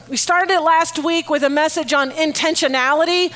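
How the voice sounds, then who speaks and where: A woman pastor giving a conversational, animated sermon, acting out the voices she quotes. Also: high voice, normal speed.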